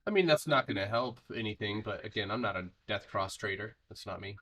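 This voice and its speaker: A man's voice: fairly low pitch, fairly quick, sharp tone. A man co-hosting a live trading stream, bantering in a joking, laid-back way. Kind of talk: casual chat.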